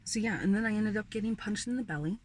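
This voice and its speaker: A young woman vlogger with a medium-pitched voice rants casually and quickly about her old job, swearing freely and sighing often.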